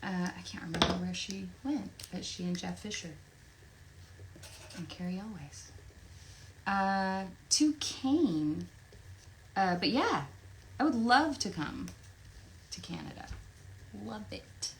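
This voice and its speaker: A woman's voice: mid-range voice, lively intonation, takes it slowly, long pauses, slight background noise, poor audio. A woman from Tennessee, a voice actress chatting playfully from home while she signs autographs during a live stream. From Tennessee, USA. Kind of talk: casual livestream chat. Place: home, near her recording booth. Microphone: desk microphone.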